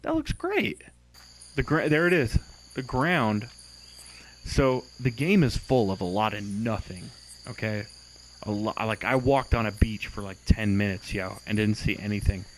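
A man's voice: on the low side, normal speed, slight background noise, low-quality recording. A young man giving casual, exasperated commentary on a game he is playing, swearing and mocking its glitches. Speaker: gameplay commentator.

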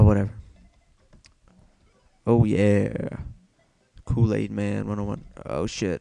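A man's voice: lowish voice, little pitch movement, unhurried, gravelly, warm tone, smooth, no room sound. A young man giving casual solo gameplay commentary, self-mocking and swearing a lot as he mutters to himself.

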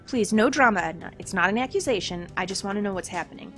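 A woman reading the lines of an earnest young nobleman who questions his servant calmly, in a game read aloud. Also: mid-range voice, faint music behind, close to an everyday voice. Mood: gentle. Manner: measured, questioning.

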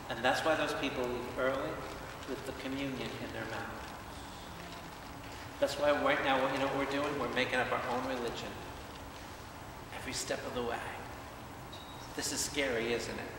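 A man, a priest, preaching a lively Bible study to a congregation, asking questions and acting out quotes. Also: mid-range voice, noisy background. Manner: animated, questions the audience, acts out quotes. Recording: echoey hall, speaker far from mic.

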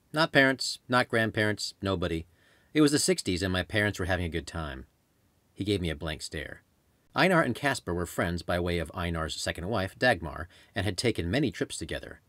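A man reading his own travel memoir aloud as an audiobook, telling it in a measured storytelling way. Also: low-pitched, no room sound. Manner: measured storytelling with lively intonation.

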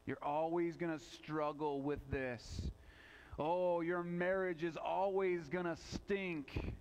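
A preacher putting on a taunting devil. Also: male voice, a little high, fairly even intonation, takes it slowly, darkish tone, muffled recording. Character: taunting male devil whispering accusations.

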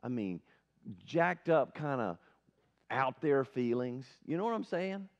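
A man's voice: mid-range voice, big pitch swings, measured pace. A male pastor giving an earnest, conversational sermon at a church service, often asking the congregation questions. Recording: dull lo-fi sermon recording.

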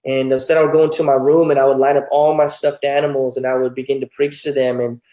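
A man's voice: mid-range voice, level tone, fast, warm tone. Man, pastor, candid life story, earnest, echoey room. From New Mexico, United States. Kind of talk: telling his life story in an interview.

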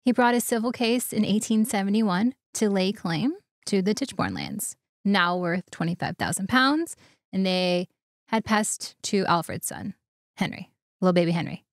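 A woman's voice: mid-range voice, expressive, normal speed, no echo. A woman co-hosts a casual podcast and walks through the story from her notes. She laughs easily between facts, and her voice sits in a middle register. The sound is dry and close, with no room around it. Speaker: podcast co-host.

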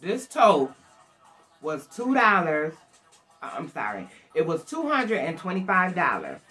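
Older woman from Buffalo, talks to the viewers like family, lively pitch, home camera vlog. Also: measured pace, faint music behind. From Buffalo, New York. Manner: chatty, animated, addresses viewers directly. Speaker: thrift haul vlogger. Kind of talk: casual chat to camera. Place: at home, alone.

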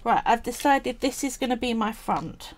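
A polymer clay crafter and streamer with a Cockney accent chats her way through a craft tutorial at home, thinking aloud as she works. Her voice sits on the high side and sounds animated, at a moderate pace, over a noisy background.

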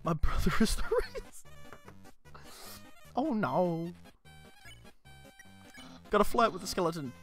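A man's voice: high voice, very animated, slow, long pauses, a bit bright, faint music behind. Chatty man streaming a game. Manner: chatty, rambling asides. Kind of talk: let's play commentary. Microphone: headset.

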